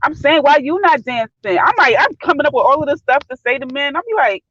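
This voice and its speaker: A woman from Brooklyn on a live talk panel, expressive and acting out her quotes in casual chat. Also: high voice, quick pace, no echo, dull audio. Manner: expressive, acts out quotes, laughs easily.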